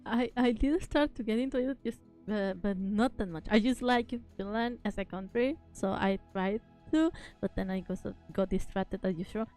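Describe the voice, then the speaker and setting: A woman whose first language is Spanish, chatting casually as a streamer host in a soft, giggly way. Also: medium pitch, normal speed, few pauses, faint music behind. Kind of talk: casual chat.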